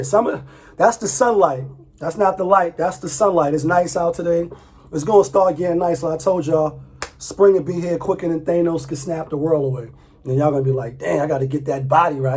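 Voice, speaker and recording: Husky-voiced man ranting casually. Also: a little high, a little mellow. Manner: loose, profane, repeats himself, laughs often. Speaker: vlogger. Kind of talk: casual commentary.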